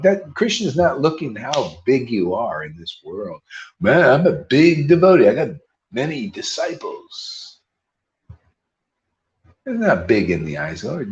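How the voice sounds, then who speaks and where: Speaking in a slightly high voice on a muffled recording, a man delivers an informal devotional sermon as a spiritual teacher. He's animated, cracking preacherly jokes.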